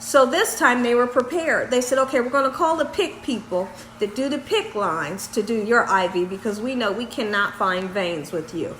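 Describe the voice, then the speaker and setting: A woman telling a story on her home vlog in a lively, laughing way. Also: on the high side, moderate pace, few pauses. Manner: animated, laughs while telling. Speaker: vlogger. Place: home kitchen. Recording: echoey room, faint background noise.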